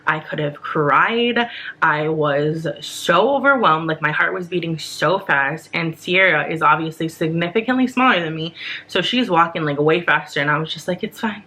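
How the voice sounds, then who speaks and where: Bright-voiced young woman telling a story. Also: deep voice, normal speed. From United States. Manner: animated, swears a lot, filler-heavy. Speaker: vlogger. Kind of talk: casual storytime.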